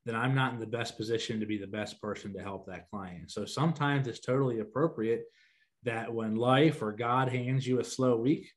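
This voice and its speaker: A man's voice: medium pitch, moderate pace. A man hosting a podcast, explaining steadily and steering the conversation. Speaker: podcast host. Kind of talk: casual podcast talk.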